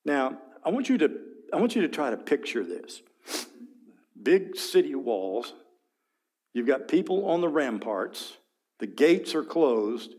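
A man's voice: medium pitch, sing-song, measured pace, long pauses, a little mellow. Conversational male Bible study teacher. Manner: conversational, vivid, asks listeners to picture scenes; frequent throat clearing.

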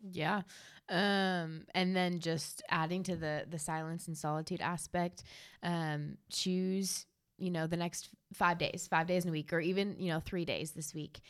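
A woman sharing reflective advice on a church podcast. Her voice sits on the low side for a woman. She speaks gently, pausing with "um" and "you know.". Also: fairly even intonation, smooth. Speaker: podcast co-host. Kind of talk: casual church podcast discussion.

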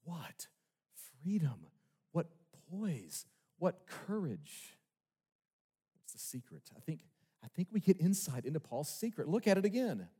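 A man's voice: a little high, big pitch swings, unhurried, mellow, breathy edge. A male pastor preaching a sermon with emphasis, asking his congregation rhetorical questions. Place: church sanctuary. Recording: long reverb of a large hall.

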